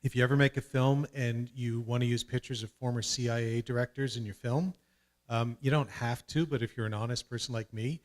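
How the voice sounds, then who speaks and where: A man's voice: medium pitch, brisk. A man from Canada telling a self-mocking anecdote on a conference panel, acting out the voices of people he quotes. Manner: lively, self-mocking, acts out quoted dialogue. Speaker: panelist, film producer.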